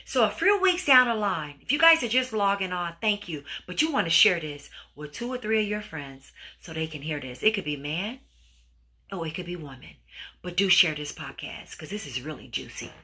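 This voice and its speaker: Brief: woman podcast host, lively swooping delivery, bright tone, acts out voices. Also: lowish voice, normal speed, slightly rough. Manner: animated, acts out dialogue with sound effects. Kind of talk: storytelling relationship advice.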